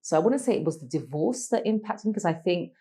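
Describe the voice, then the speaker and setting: Brief: middle-aged woman, guest telling her life story, low voice, halting and reflective. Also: expressive, warm tone, husky. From London, England. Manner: reflective, halting, with many restarts and pauses. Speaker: podcast guest. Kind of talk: emotional personal storytelling.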